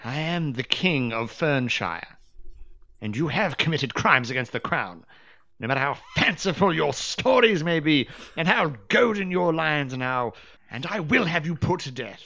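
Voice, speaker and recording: A woman voicing a huge, pompous king who is smoothly polite but threatens death. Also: low-pitched, expressive, measured pace, fairly bright tone, lo-fi sound, voice pushed up, heavily acted. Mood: pompous menace. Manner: pompous, falsely genial.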